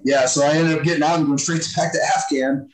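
A man's voice: a little high, fairly even intonation, quick pace, a crowd in the background. Blunt, profane ex-Marine man, echoey room. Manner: blunt, profane, acts out quoted banter. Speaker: podcast guest, former Marine. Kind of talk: casual storytelling interview.

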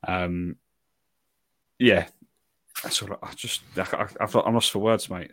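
Young english guy co-hosting a podcast, lowish voice, gets all emotional and repeats himself. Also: fairly even intonation, unhurried, pauses often, a bit bright. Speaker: podcast co-host. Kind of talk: casual chat.

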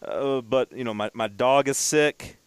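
A man's voice: medium pitch, measured pace, clean tone, no echo. A man co-hosting a casual chat, telling stories in a rambling way and often stumbling over and repeating his words.

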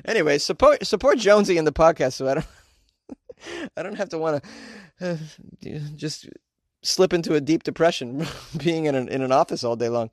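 A man's voice: fairly high pitch, lively intonation, fairly quick, pauses often, no echo, studio quality. A man hosting a podcast, talking in a loose, joking, rambling way with frequent laughs and restarts. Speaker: podcast host. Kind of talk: casual podcast monologue.

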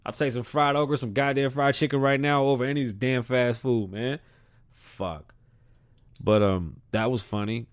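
Podcast host, loose, profane and rambling, dry close sound. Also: male voice, medium pitch, steady tone, moderate pace, smooth, no echo. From South Bronx, New York. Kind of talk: casual monologue.

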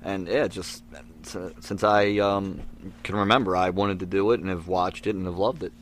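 Lowish-voiced guy, earnest and rambly, chatting as a guest. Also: steady tone, moderate pace, fairly bright tone, slight background noise. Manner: earnest, many fillers. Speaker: guest, wrestler. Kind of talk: casual interview talk.

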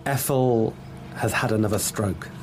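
A man's voice: on the low side, unhurried, music in the background. A man hosting and narrating an investigative documentary podcast in a reflective, earnest way.

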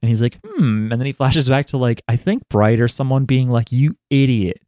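A man's voice: medium pitch, steady tone, fast talker, darkish tone, clean tone, no echo, clean studio sound. A man casually talking over an anime episode with a co-host, sarcastic and joking, swearing freely. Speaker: podcast co-host.

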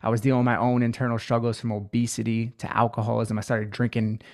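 A man in his twenties, a guest in an interview, telling his life story in an earnest, emotional way, slowing down on the heavy moments. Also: medium pitch, little pitch movement, darkish tone.

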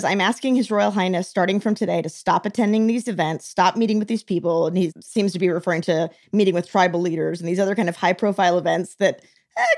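A woman of ordinary pitch chatting on a podcast. She tells the story in an animated way, laughing and slipping into the voices she quotes. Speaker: podcast co-host. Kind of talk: casual podcast chat.

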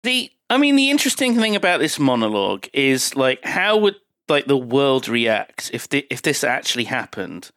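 A podcast co-host chatting casually about a film, expressive and swearing freely. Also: mid-range voice, moderate pace, dry recording, clean studio sound. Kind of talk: casual chat reviewing a film.

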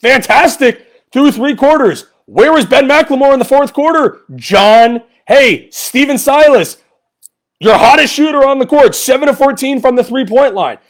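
A man hosting a solo sports podcast, ranting with frustration and sarcasm, hammering points by repeating a player's name, his voice climbing high when he gets angry. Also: expressive, measured pace. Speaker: podcast host.

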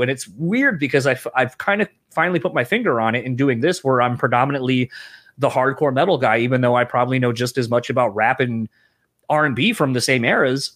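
A man's voice: medium pitch, brisk, fairly bright tone. Rambling, reflective man. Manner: rambling, reflective, many fillers. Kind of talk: casual chat.

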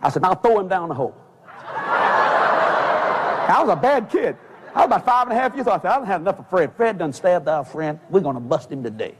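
Animated preacher man, high lively voice. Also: fast talker, long pauses, background noise. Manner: animated, shouting quoted voices, laughing along. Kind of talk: storytelling sermon.

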